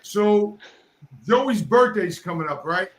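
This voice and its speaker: Loud, profane middle-aged man. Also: sits high, animated, slow pace, roomy sound, rough recording. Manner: loud, profane, interrupts to tell stories. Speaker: podcast co-host, father. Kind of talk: casual podcast banter.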